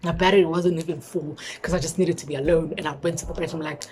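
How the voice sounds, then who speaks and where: A young South African woman vlogger telling a personal story in an expressive voice, mixing in isiZulu words. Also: deep voice, quick pace, few pauses. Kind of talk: storytime vlog.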